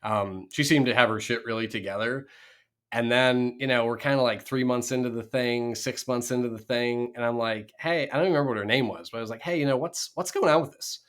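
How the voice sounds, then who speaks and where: Fired-up guy from minnesota on a podcast, swears freely, keeps restarting his sentences, mid-pitched voice. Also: steady tone, a bit bright. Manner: high-energy, blunt and profane, many quick restarts. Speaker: guest, real estate investor. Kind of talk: casual interview storytelling.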